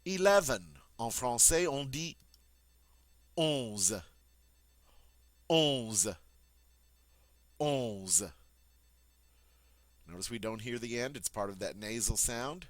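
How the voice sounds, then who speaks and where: A man teaching French pronunciation, repeating each word slowly and clearly before explaining it. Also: mid-range voice, expressive, no echo. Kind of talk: pronunciation lesson.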